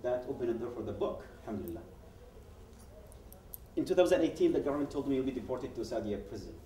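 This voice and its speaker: A man's voice: medium pitch, expressive, fast talker, mellow, a little hiss or hum. A man, a guest speaker giving personal testimony at a public event, telling it as a story. He acts out the dialogue he quotes and often restarts his sentences. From Yemen. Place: event hall. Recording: roomy hall, speaker far from mic.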